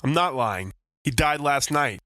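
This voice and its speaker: An actor playing a wisecracking private detective who narrates in a dry, hard-boiled way and grows exasperated. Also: male voice, fairly high pitch, lively intonation, a little slow, pushed and bright. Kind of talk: comedy noir audio drama.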